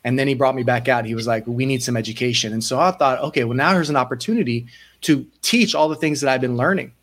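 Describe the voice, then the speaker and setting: Man, thirties, sports psych coach; casual interview storyteller who acts out quotes. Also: mid-range voice. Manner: animated, acts out quoted voices, frequent restarts.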